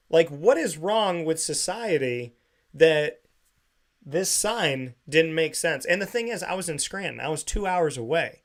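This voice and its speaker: A man's voice: fairly high pitch, measured pace. A man hosting a sports talk show, telling a story in casual chat and acting out the voices of the people in it. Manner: animated storyteller, acts out quoted voices. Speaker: show host. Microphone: studio microphone.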